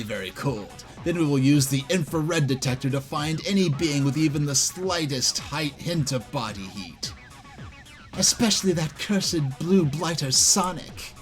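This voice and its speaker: A man voicing a scheming villain doctor from a comic, in a gloating, drawn-out delivery. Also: mid-range voice, lively intonation, soft background music, voice pushed down, close to an everyday voice.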